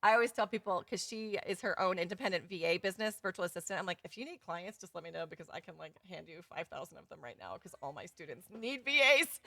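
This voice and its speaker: Bright, effusive woman livestreaming. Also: fairly low pitch, animated, quick pace, gravelly, few pauses, no room sound. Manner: effusive and chatty, laughing often. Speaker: course host running a live giveaway. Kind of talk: casual livestream talk to viewers.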